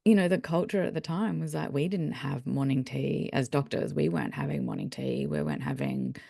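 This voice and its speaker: A woman speaking as a doctor guest, telling lively stories in casual conversation and laughing often. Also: sits low, fairly quick, vocal fry, no echo, studio quality. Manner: lively, animated storyteller who laughs often.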